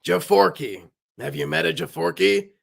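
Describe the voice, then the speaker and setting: A woman's voice: low voice, normal speed, vocal fry, breathy edge, exaggerated voice. A woman voicing a smug, sarcastic male knife object from a fan-made cartoon, in near her own voice. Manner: dry, smug.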